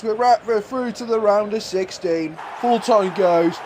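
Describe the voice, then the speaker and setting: Young male gaming creator, high-pitched, excitable self-commentary, faint noise bed. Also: measured pace, few pauses. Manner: swings between muttered play-by-play and shouted excitement. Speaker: gaming YouTuber. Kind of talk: excited football game commentary.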